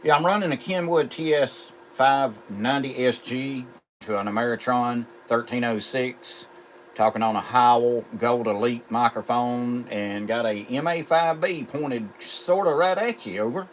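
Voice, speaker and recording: A middle-aged man with a Southern drawl chats easily over his ham radio. He talks in a relaxed, chatty way, and a faint hiss of noise sits under his voice. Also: mid-range voice, unhurried. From South Carolina. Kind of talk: casual radio chat.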